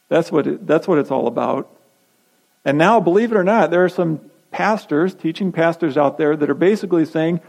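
A man's voice: fairly high pitch, brisk, creaky, a little mellow, low-quality recording. Man preaching with emphatic repetition. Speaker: pastor. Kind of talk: sermon.

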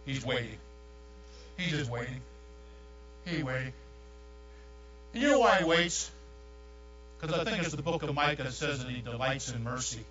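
An older man, preaching a sermon with folksy, animated storytelling. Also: mid-range voice, normal speed, pauses often, recorded from a distance. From New York. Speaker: pastor. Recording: echoey room, dull sound, mains hum.

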